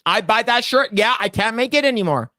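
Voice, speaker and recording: A man's voice: extremely high pitch, lively intonation, a little fast, bright, forceful tone, no room sound, studio quality. A man co-hosting a podcast, chatting casually while he draws, rambling and repeating himself and swearing freely when annoyed. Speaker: podcast co-host. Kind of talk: casual chat while drawing on stream.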